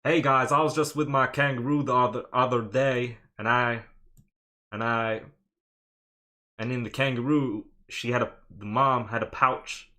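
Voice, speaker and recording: A man putting on an Australian accent to play a rambling storyteller, halting and restarting, louder and a little higher than usual. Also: steady tone. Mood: goofy. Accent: put-on Australian.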